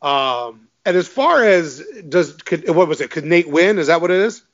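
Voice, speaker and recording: Upbeat laughing podcast host, slightly muffled. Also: male voice, a little high, animated, moderate pace. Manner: enthusiastic, laughing, repeats words. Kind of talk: casual chat.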